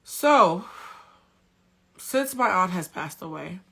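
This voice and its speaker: A woman's voice: lowish voice, lively intonation, slow pace, creaky, sharp tone, husky. A woman, a spiritual coach and tarot reader, telling a personal story candidly and bluntly on a phone live stream. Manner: candid, blunt, swears freely.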